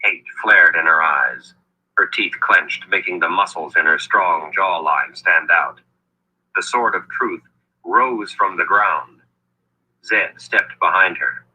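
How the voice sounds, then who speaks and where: A man narrating a fantasy audiobook in a measured, storytelling read. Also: low voice, bright, forceful tone, breathy edge, rough recording.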